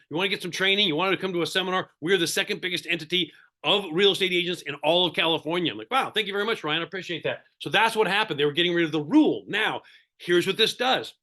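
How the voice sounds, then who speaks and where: A man's voice: high voice, pushed and bright. A middle-aged man teaching real estate agents in a seminar-style lecture, speaking in short, emphatic phrases and repeating his key points.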